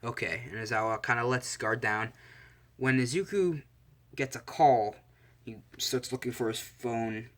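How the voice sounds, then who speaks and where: A man's voice: mid-range voice, measured pace. A man casually improvising a fan story, rambling and amused with himself. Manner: rambling, self-amused asides.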